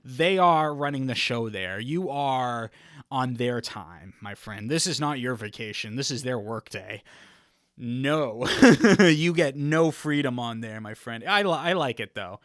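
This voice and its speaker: A young man hosting a comedy podcast alone, riffing in a rambling, deadpan way and laughing at his own lines. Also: mid-range voice, a little slow, no room sound, clean studio sound. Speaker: podcast host. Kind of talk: comedic solo podcast monologue.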